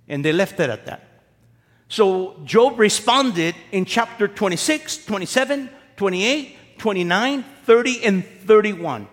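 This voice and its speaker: A man's voice: sits high, a bit bright, in a large hall. A man preaching as a pastor, talking to his congregation in a conversational way with rhetorical questions. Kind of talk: sermon.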